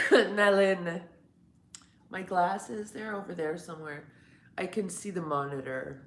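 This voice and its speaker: Low-voiced woman who sounds like she has a cold. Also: normal speed. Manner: rambling and chatty, laughs often, swears. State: just woken up. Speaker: live streamer. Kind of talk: casual morning chat to stream viewers.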